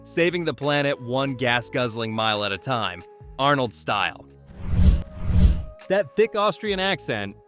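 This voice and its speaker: A man's voice: mid-range voice, very animated, measured pace, long pauses, fairly bright tone, faint music behind. Wry man narrating a commentary video. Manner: wry and playfully sarcastic, addressing viewers.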